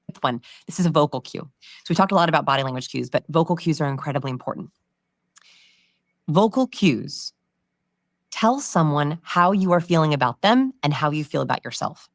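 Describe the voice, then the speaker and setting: A woman speaking as a body language expert on a podcast, explaining confidently and briskly through examples. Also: low-pitched, lively intonation, no echo, clean studio sound.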